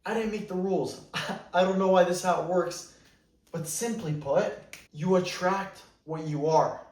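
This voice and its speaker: A man with a high, slightly mellow voice speaks a little slowly while giving dating advice to camera. His coaching is blunt and emphatic, with "you better" recurring again and again. The far-off mic picks up a roomy echo.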